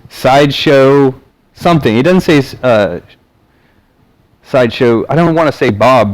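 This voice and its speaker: This vlogger, a man from the American South, wanders through an informal talk to camera, full of fillers and restarts. His pitch is fairly low and slightly mellow, and the audio is poor.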